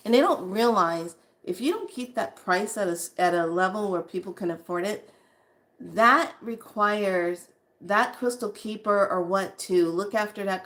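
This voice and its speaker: Woman, chatty vlog storytelling, rambling, medium pitch. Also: fairly bright tone. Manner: chatty, laughs often, quotes others in voices. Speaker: spiritual vlogger. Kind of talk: casual storytelling chat.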